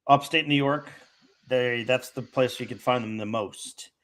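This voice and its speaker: A man co-hosting a casual livestream, relaxed and chatty. He teases his co-host with a playfully formal turn of phrase. His voice sits at an average pitch. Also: unhurried. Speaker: podcast co-host.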